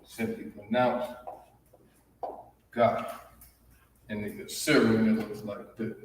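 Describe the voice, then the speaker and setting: A man's voice: fairly low pitch, flat delivery, moderate pace, recorded from a distance, slight background noise. Man teaching in an echoey hall. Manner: repetitive, checks in with "all right?" after each point. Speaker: language teacher. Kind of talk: classroom lesson.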